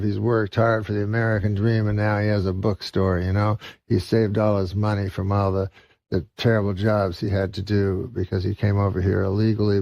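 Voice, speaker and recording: A man from Canada, a comedian guest telling a long joke in a rambling, deadpan drawl. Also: on the low side, creaky, no room sound, highs cut off.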